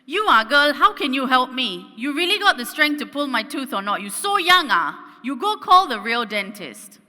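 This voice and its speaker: A woman's voice: sits high, very animated, moderate pace, sharp tone, pitched above the performer's own voice, heavily acted. A woman voicing an impatient, scornful older woman patient with a Singaporean English accent, in a hall with long reverb. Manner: dismissive, scolding.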